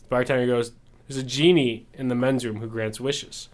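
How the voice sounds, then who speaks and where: A man's voice: mid-range voice, fairly even intonation, moderate pace. A young man co-hosting a podcast, telling jokes in casual chat and laughing as he goes. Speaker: podcast co-host.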